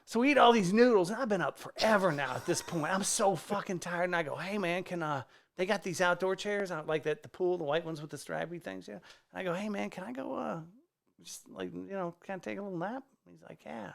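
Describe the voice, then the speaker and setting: A man, a stand-up comedian, telling a casual story on a podcast, animated and swearing freely as he acts out the people in it. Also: high-pitched, fairly quick, gravelly. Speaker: guest comedian. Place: podcast studio.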